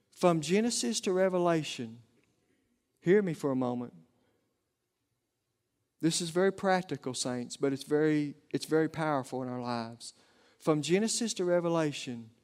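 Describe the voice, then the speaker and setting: A man's voice: on the high side, a little mellow. A middle-aged man with an Oklahoma Southern accent, preaching a folksy, conversational sermon to a congregation.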